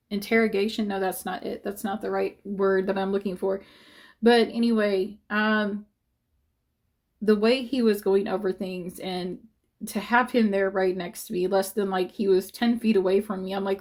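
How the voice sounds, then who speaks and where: A vlogger speaks casually to her viewers in a medium-pitched, somewhat dark voice. She rambles with lots of fillers and self-corrections, sounding upset and defensive, at times near tears.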